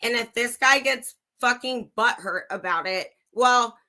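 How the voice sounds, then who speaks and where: A woman's voice: on the high side, measured pace, sharp tone. A young woman livestreaming true crime commentary, angry, sarcastic and swearing freely as she reads and reacts. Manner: profane, sarcastic, heated.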